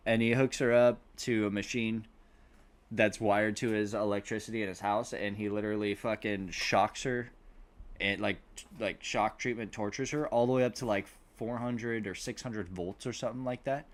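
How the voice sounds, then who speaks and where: A man's voice: on the low side, steady tone, normal speed. A man on a podcast rambling through a film plot, swearing freely and acting out the characters' lines. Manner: rambling, swears a lot, acts out quotes. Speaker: podcast host. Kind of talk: casual movie recap.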